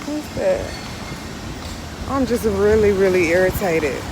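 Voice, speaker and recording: A woman's voice: medium pitch, lively intonation, takes it slowly. A woman vlogging outdoors on city streets, frank and irritated, hot and out of breath from walking. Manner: frank, irritated venting, then motivational. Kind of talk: casual vlog talk to camera. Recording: street noise under the voice. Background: street and traffic noise.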